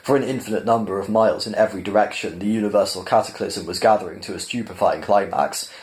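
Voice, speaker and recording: A man reads a science fiction novel aloud, chapter by chapter. His voice is low, and his narration is measured and plain. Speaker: reader. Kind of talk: audiobook-style storybook reading.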